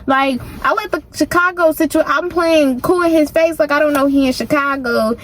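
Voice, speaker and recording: A woman's voice: sits high, moderate pace, slight background noise. A woman vlogger telling a personal story in a casual, slangy, emphatic way.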